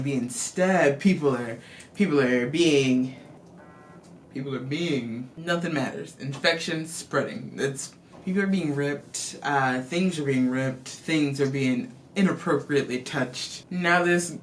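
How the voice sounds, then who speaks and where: A woman vlogger giving a casual, profane, animated movie recap to camera. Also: lowish voice, a little hiss or hum.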